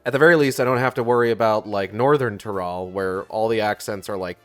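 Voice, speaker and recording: A man's voice: on the low side, fairly quick, a bit bright, soft background music. A man streaming a video game, talking casually in a rambling way with lots of fillers and some swearing. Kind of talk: casual let's-play commentary.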